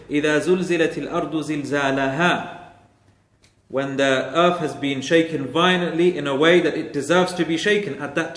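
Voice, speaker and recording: A man's voice: on the high side, a bit bright, reverberant. A man teaching a Quran exegesis class, explaining Arabic grammar step by step and repeating key phrases for emphasis.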